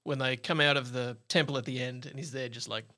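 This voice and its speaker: A man's voice: medium pitch, fairly even intonation, a little fast, sharp tone. A man co-hosting a casual film podcast, chiming in with wry remarks. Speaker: podcast co-host.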